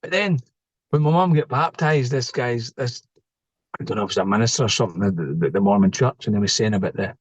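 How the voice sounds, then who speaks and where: A man's voice: mid-range voice, fast talker, breathy edge, no echo, dull audio. A middle-aged man, a podcast guest telling stories in a casual, joking way and laughing at his own tales. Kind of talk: casual storytelling interview.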